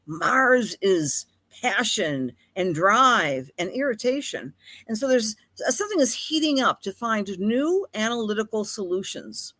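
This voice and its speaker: A woman's voice: mid-range voice, sing-song, measured pace, a bit bright, no room sound. Chatty Buffalo-accented woman astrologer. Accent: Buffalo, Western New York. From Buffalo, New York. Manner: chatty and affectionate, greets viewers by name, calls them honey and darling. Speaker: astrologer host. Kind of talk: live-streamed astrology talk.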